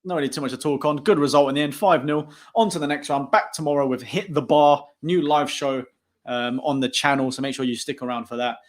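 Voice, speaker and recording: A young man hosting a casual post-match football chat on a live stream, talking fast and laughing often. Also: fairly high pitch. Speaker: host.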